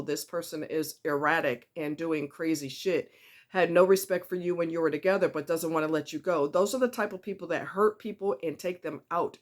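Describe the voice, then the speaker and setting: A woman telling a personal story in a casual vlog, blunt and emphatic, repeating herself for stress and speaking straight to the viewer. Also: fairly low pitch. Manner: candid and conversational, with asides to the viewer.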